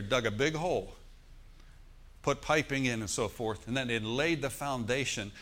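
A man preaching a sermon in a church. He speaks at an ordinary middle pitch and often turns to the congregation with questions for them to answer. He slows down to lead them through scripture line by line. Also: fairly bright tone. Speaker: pastor.

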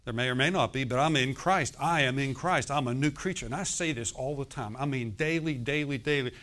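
He's a pastor in his sixties with a medium-pitched, slightly bright voice and a brisk delivery. His sermon is emphatic, full of questions he puts to the congregation for a reply.

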